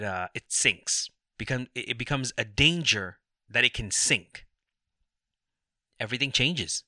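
A man's voice: medium pitch, pushed and bright, no room sound, studio quality. A man hosting a faith podcast, talking in an impassioned, rambling way with many restarts. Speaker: podcast host. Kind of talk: preachy faith talk.

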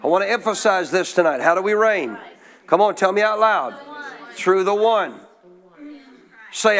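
Man, pastor, high voice, sermon, emphatic, call-and-response. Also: expressive, normal speed, pauses often, fairly bright tone. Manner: emphatic call-and-response preaching, quizzing the congregation.

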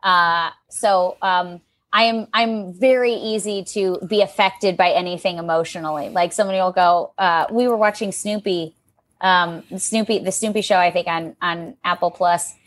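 Expressive woman voice actor chatting. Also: fairly low pitch, normal speed. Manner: expressive, animated storytelling with lively quoted asides. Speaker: voice actor guest. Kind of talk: casual interview chat.

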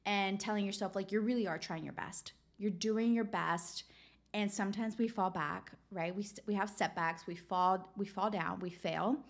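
A woman's voice: mid-range voice, steady tone, moderate pace, creaky. A woman hosting a casual self-help podcast, talking in an encouraging way and often checking in with "right?". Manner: encouraging, peppered with "right?" tag questions. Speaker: podcast host.

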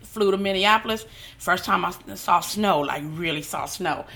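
A woman who works as a hairstylist, telling an animated story in an interview and acting out the voices of the people in it. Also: lowish voice, moderate pace, creaky, faint music behind. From Southern California. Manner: animated storyteller, acts out quoted voices, laughs often.

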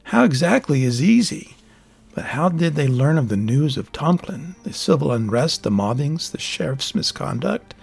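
A man's voice: on the high side, very animated, normal speed, gravelly, a little mellow, husky, pitched above the performer's own voice, full character voice. A man reading an audiobook voices a sly old hermit who talks down to a younger man in a taunting, condescending way.

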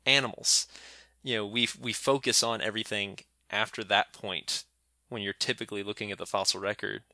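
A man co-hosting a science podcast, chiming in with jokey asides and relaxed banter. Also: on the low side, fairly quick, no room sound, studio quality. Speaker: podcast co-host. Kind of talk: casual science podcast chat.

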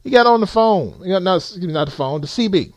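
A man's voice: sits high, lively intonation, quick pace, dry recording. A man who drives trucks, giving blunt, profane advice to other drivers in an emphatic rant. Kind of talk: blunt ranting advice to viewers.

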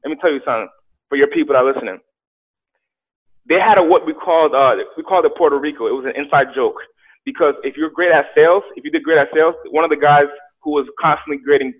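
A young man telling a story casually, animated, acting out quotes and repeating words. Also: fairly high pitch, fast. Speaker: guest telling his story. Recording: tinny phone-like sound.

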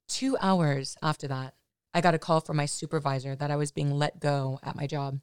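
A woman's voice: deep voice, steady tone, moderate pace, clear, resonant tone, no room sound, studio quality. A woman podcast host telling a personal story in a candid, chatty way, often adding "you know" asides.

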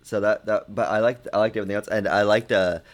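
A man co-hosting a casual film podcast, jokey and animated. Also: on the low side, fast. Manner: animated, jokey, quotes lines. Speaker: podcast co-host.

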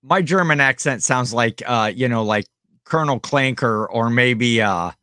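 A middle-aged man co-hosting a podcast, jokey and quick to laugh, slipping into goofy voices. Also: medium pitch, bright, forceful tone, clear, resonant tone, no echo, studio quality. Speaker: podcast co-host. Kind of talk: casual chat.

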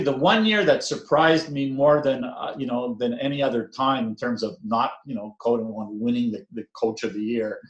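A man's voice: medium pitch, echoey room, low-quality recording. A man in his sixties, a veteran basketball coach giving an interview, talking casually with many fillers and restarts and the odd self-deprecating chuckle. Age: 60s.

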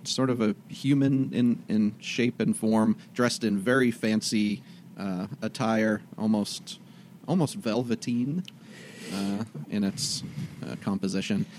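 A man narrating a tabletop game as game master, describing scenes with frequent hesitant pauses. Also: on the low side, darkish tone, slight background noise.

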